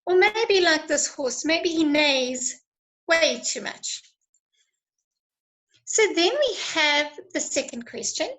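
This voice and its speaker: A woman teacher giving an online lesson, encouraging and praising students, her voice going a little hoarse from talking a lot. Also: high-pitched, expressive, slow, long pauses, fairly bright tone, poor audio. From South Africa. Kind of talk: online lesson with live chat.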